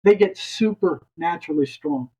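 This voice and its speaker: A man's voice: a little high, normal speed, mellow, slightly rough, rough recording. An older retired psychotherapist, a man, telling a long story as a podcast guest, rambling and restarting his words.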